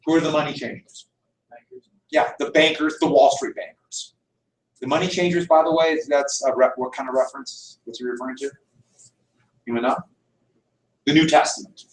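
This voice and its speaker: A man lecturing on history in a lively storytelling way, acting out quotes as he goes. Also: on the high side, moderate pace, pauses often. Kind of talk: classroom lecture. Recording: echoey room, mic far off.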